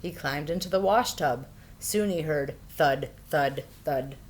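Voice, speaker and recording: Low-voiced woman reading a storybook. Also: a little slow. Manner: expressive, playful reading. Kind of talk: children's storybook read-aloud.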